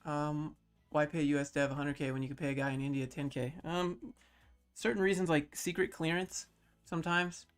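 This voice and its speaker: Low-key man in his thirties chatting on stream. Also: fairly even intonation, fairly quick, smooth, faint music behind. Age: 30s. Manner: low-key, mellow, reads chat questions aloud and answers. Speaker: streamer answering chat. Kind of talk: casual livestream chat.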